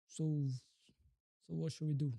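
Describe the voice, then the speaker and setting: A man's voice: fairly high pitch, little pitch movement, a little slow, gravelly, dark tone, dry recording, poor audio. A man live-streaming as he learns English, nervous and hesitant, repeating words over and over on his own mic. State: nervous, shaky. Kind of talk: casual live-stream chat.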